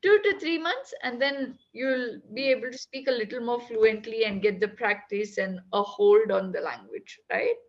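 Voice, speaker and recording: A woman's voice: fairly high pitch, normal speed, few pauses, lo-fi sound. A woman, tutoring a student over a video call. She is encouraging and keeps checking in with "right?" and "okay?". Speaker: English tutor. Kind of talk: online tutoring session.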